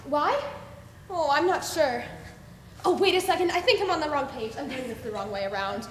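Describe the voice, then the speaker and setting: Young actress as scatterbrained kindly fairy, school play, high-pitched, long hall reverb. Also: female voice, animated, normal speed, slight background noise. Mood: gentle. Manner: gentle, coaxing. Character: kind, scatterbrained female mirror fairy. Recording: echoey hall, far off.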